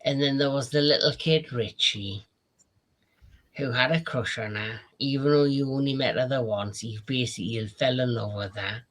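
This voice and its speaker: A man's voice: medium pitch, moderate pace, a bit bright. A man hosting a casual TV review chat, retelling scenes eagerly with false starts and casual swearing. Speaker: TV review show host.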